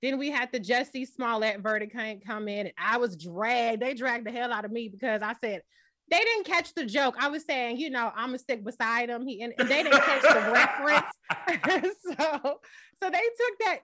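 A woman's voice: on the high side, animated, moderate pace, sharp tone. A woman from the US, raised in Los Angeles, chatting as a talk-show guest and acting out her own quoted remarks. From US, born in Boston, raised in Los Angeles. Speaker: guest commentator. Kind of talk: casual talk-show chat.

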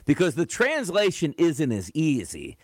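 A man co-hosting a sports talk show, bantering casually and acting out imagined quotes in an animated way. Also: fairly high pitch, unhurried, husky, dry recording. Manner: animated, jokey, acts out quotes. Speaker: sports radio co-host.

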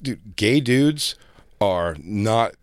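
A man's voice: fairly low pitch, lively intonation, extremely slow, no echo, studio quality. Profane, boisterous male co-host. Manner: profane, loud laughing, mimics people. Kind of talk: crude comedic banter. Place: radio studio.

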